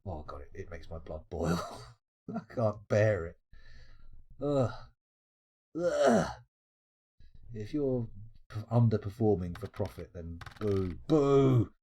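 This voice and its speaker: British streamer guy ranting to chat, mellow dark voice but pitch all over the place, swears a lot. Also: animated, slow, long pauses, husky. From United Kingdom. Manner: rambling, sweary and jokey, with frequent restarts and laughs. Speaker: live streamer. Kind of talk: late-night casual stream chat, reading out viewer comments.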